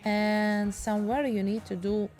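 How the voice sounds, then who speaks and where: Slow-talking woman with Russian accent. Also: mid-range voice, little pitch movement, a little mellow, faint music behind. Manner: broken English, chatty and explaining. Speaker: painting teacher. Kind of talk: casual painting tutorial.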